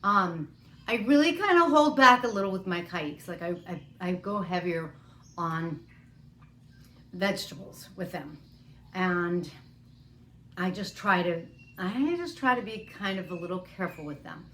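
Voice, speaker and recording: A woman's voice: lowish voice, lively intonation, a little slow, long pauses, fairly bright tone, slight background noise. A woman talking casually to camera about parrot care, chatty and rambling, now and then cooing to her parrot. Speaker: parrot care author and vlogger. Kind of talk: casual vlog chat. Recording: roomy echoing room.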